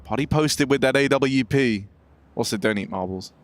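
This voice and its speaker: A man's voice: medium pitch, normal speed. A man casting a live esports match on a headset mic, full of playful, jokey banter. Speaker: esports caster. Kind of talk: live game commentary.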